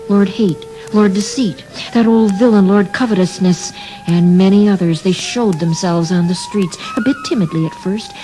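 A man narrating a children's audiobook in a measured, dramatic way. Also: sits high, mellow, low-quality recording. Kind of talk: scripted storytelling for children.

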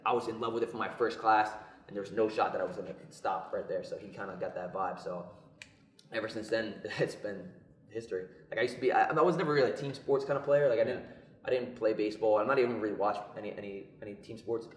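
A young man telling a personal story in a casual podcast chat, lively and acting out what others said. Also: fairly low pitch, quick pace. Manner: animated, acts out quoted voices. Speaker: podcast co-host. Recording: echoey room.

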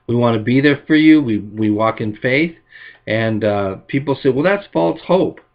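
A male pastor preaching a sermon, telling illustrative stories in a folksy way and lifting his voice for quoted lines. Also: muffled recording. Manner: folksy storytelling, voices quotes with rising pitch.

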